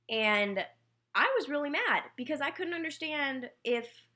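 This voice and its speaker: Bright-voiced young woman telling a story. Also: medium pitch. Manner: candid, self-mocking storytelling with quick asides. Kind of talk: personal anecdote told casually.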